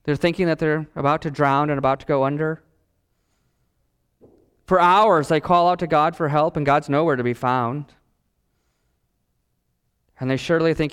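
A middle-aged male pastor preaching a sermon dramatically, with long pauses and big swings in pitch. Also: fairly even intonation, fairly bright tone, smooth.

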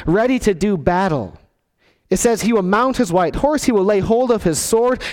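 High-voiced earnest preaching man. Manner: earnest, dropping to quiet low emphasis on key words; acts out quoted voices in the text. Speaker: pastor. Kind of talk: sermon.

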